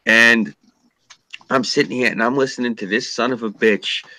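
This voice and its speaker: Profane ranting man, bright and dry. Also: mid-range voice, fairly even intonation, moderate pace, no echo. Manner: profane, ranting, mocking impressions. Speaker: podcast co-host, former journalist. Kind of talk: casual political chat.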